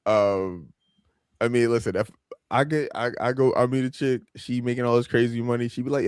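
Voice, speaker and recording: A man co-hosting a podcast who talks in a loose, rambling way full of fillers. His voice sits at a middling pitch, and the recording is dry and close. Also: fairly even intonation, fairly quick, darkish tone, clear, resonant tone, no room sound. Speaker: podcast co-host. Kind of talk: casual chat.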